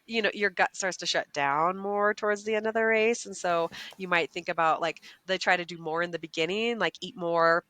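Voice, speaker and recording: Fast-talking bright woman coach. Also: lowish voice, fairly even intonation. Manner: quick, chatty, fills with "like" and "right?". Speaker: guest nutrition coach. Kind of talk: casual podcast chat.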